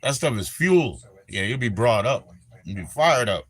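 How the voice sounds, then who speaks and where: A man's voice: mid-range voice, sing-song, normal speed, no echo. An older man on a live stream, rambling and swearing as he greets viewers and chats casually.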